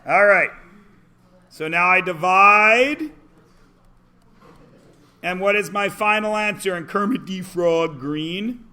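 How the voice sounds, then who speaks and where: A man's voice: high-pitched, slow pace, long pauses, pushed and bright, smooth. A man teaching a math class, joking and punning, quizzing students with call-and-response. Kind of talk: classroom lecture.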